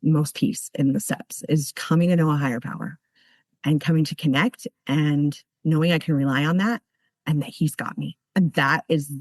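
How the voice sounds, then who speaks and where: A woman's voice: sits low, steady tone, normal speed, no room sound. A woman giving earnest, heartfelt personal testimony at a recovery meeting, telling her story with many restarts.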